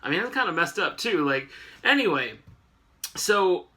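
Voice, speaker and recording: Slangy guy rambling about comics on his vlog, kinda high, super bright voice. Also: big pitch swings, moderate pace. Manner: slangy, chatty, digressive. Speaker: host. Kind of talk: casual comic book review vlog.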